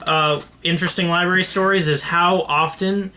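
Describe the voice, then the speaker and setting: A podcast co-host who welcomes listeners and chats casually in a hesitant, halting way. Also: mid-range voice, steady tone, bright, forceful tone. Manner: hesitant, halting, with many fillers. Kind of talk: casual comedy podcast chat.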